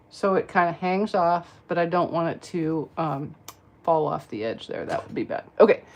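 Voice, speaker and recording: Chatty woman crafting. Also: fairly low pitch. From American South. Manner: chatty, folksy, talks to viewers while working. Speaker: card-making demonstrator. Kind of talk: casual craft tutorial with chatter.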